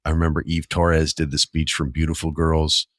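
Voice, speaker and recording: A man in his forties with a very low voice, talking loosely and swearing freely as he tells a story on his podcast. He gets animated and acts out both sides of the arguments he remembers. The sound is dry and close, with no room around it. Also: moderate pace, dry recording. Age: 40s. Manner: animated, profane, acts out quoted exchanges. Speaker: podcast host. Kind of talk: casual storytelling monologue.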